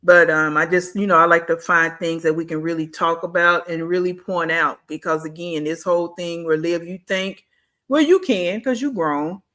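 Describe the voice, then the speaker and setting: A stream host talks straight to the camera in a casual, slangy way. The voice sits at a middle pitch and drives point after point with blunt, scolding rhetorical questions. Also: steady tone, moderate pace, pushed and bright. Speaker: reaction channel host. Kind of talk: casual commentary. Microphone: streaming setup mic.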